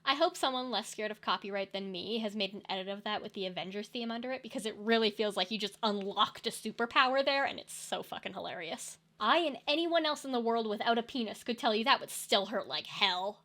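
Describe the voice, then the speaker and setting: A woman's voice: medium pitch, fairly quick, hardly any pauses, a bit bright. A young woman giving sarcastic, ranting comedic commentary on films and TV. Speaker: video essay commentator.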